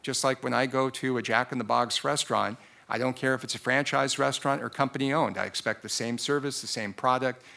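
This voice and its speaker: Taxpayer's advocate at a board hearing: male, gravelly and bright-toned, methodical delivery with frequent fillers. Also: mid-range voice, steady tone, fairly quick. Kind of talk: formal argument before a board.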